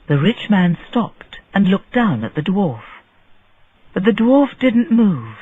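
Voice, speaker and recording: A man telling a story in slow, deliberate audiobook narration for English learners. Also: sits high, very animated, no echo, narrow, tinny audio. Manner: clear, deliberate phrasing.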